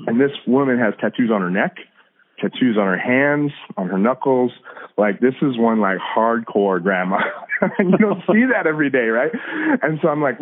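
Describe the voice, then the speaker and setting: A man in his thirties tells a personal testimony in an easy conversational way, laughing often and repeating himself as he goes. His voice sits at an ordinary middle pitch. The sound comes through a thin, phone-like line. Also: animated, normal speed. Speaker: guest telling a testimony. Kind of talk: casual storytelling testimony. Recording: phone-like narrow band audio.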